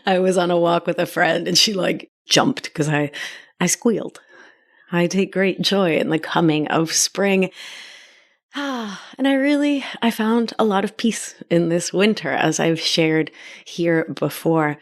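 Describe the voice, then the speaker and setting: A woman from Argentina talks through her podcast on her own, upbeat and quick to tease herself. Her voice sits on the lower side for a woman, and she laughs easily between thoughts. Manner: warm, upbeat and self-teasing, laughs easily. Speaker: podcast host and life coach. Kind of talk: solo podcast monologue.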